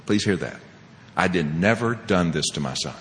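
A man sharing his personal recovery story as a speaker at a meeting, animated and laughing often, swinging between loud and hushed. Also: deep voice, moderate pace, in a large hall, a little hiss or hum.

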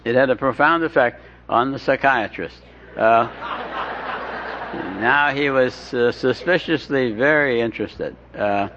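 A man's voice: mid-range voice, unhurried, a bit bright. A man telling his recovery story with wry, self-deprecating humor, often stumbling and restarting his sentences. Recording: dull lo-fi recording with faint hiss.

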